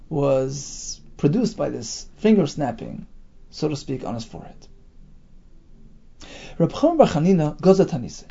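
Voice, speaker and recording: A man's voice: high voice, gravelly, dark tone, breathy edge, muffled recording. A man teaching a Talmud class, reading the Aramaic phrase by phrase and translating each into English.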